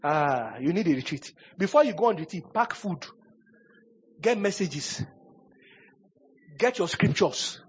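A man preaches with emphatic repetition. His voice sits high and husky, and his bursts swing from hushed pleading to loud exhortation. The recording is dull and lo-fi. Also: animated, unhurried, pauses often. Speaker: pastor. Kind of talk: sermon.

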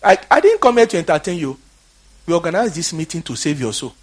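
A Nigerian man preaching a fiery, exhorting sermon that swings from quiet talk to shouting. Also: fairly high pitch, sing-song, fast, slightly rough. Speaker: pastor.

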